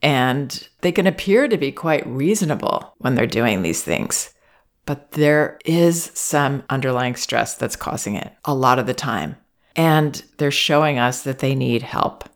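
A woman with a notably low voice talks through parenting advice. Her delivery is calm and measured. Now and then she gently voices what a parent or child might say. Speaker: parenting advisor.

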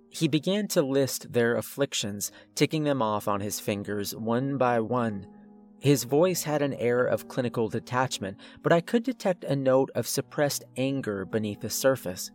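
A man narrating a first-person horror story in a tense, steady scripted delivery. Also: mid-range voice, moderate pace, faint music behind.

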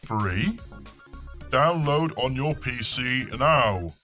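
A man's voice: mid-range voice, lively intonation, extremely slow, pushed and bright, soft background music, heavily acted. A man doing a cheesy advert announcer. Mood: salesy. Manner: salesy, overselling. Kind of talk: spoof advert.

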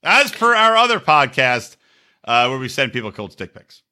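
Bright, animated man riffing on a podcast. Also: mid-range voice, normal speed. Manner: animated, profane, laughing storyteller. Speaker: podcast co-host. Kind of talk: casual comedic show-review chat.

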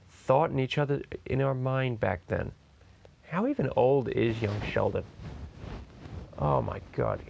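A man's voice: medium pitch, gravelly, a little mellow, a little hiss or hum. A man voicing a foul-mouthed, rambling cartoon baby boy in an improvised parody monologue full of crude tangents.

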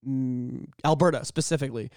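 East Coast Canadian man, podcast host, rapid, swears a lot, dry close sound. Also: mid-range voice, dry recording. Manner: rambling, profane, animated storytelling. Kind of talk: casual chat.

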